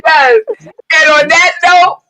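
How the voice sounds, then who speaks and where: A woman's voice: extremely high pitch, very animated, slow pace, vocal fry, bright, forceful tone, low-quality recording. A woman hosting a casual podcast chat, teasing and laughing often. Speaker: podcast host.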